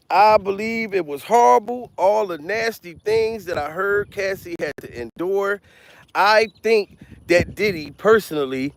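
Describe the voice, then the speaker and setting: A man doing a loud, profane comedic commentary vlog, repeating himself and laughing between rants. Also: high voice, vocal fry, a little hiss or hum. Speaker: comedian vlogger. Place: outdoors.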